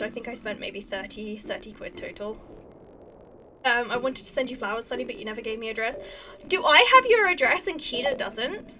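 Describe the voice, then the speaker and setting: A woman's voice: fairly high pitch, fairly bright tone. Chatty woman streaming over game music. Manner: chatty, rambling, many fillers and restarts. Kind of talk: casual chat while gaming.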